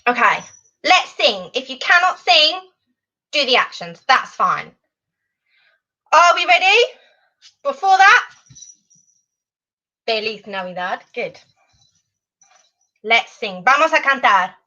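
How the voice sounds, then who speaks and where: A woman teaching children over an online stream, with a high, bright voice. She is animated and encouraging, taking her time. The audio is a little dull and lo-fi. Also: slow, long pauses. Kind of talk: online children's language lesson.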